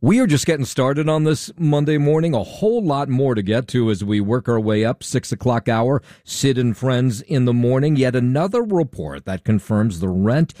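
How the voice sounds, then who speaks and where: A man anchoring a morning radio newscast, reading headlines, markets and traffic in a brisk, matter-of-fact way. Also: medium pitch, animated, mellow, dry recording, studio quality. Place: radio studio. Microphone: studio microphone.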